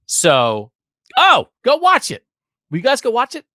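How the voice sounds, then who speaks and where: A man hosting a podcast, talking in an animated, joking and enthusiastic way. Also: extremely high pitch, unhurried, no echo. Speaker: podcast host. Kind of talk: casual podcast chat.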